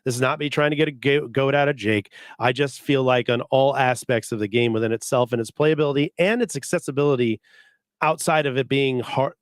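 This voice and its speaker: A man's voice: mid-range voice, brisk, no room sound, clean studio sound. A man co-hosting a podcast, talking in an opinionated, emphatic way and swearing freely in casual chat. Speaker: podcast co-host.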